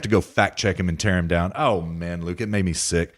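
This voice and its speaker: A man's voice: low-pitched, fairly even intonation, fairly quick, hardly any pauses. A man hosting a casual political podcast, ranting emphatically and addressing the listener directly. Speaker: podcast host.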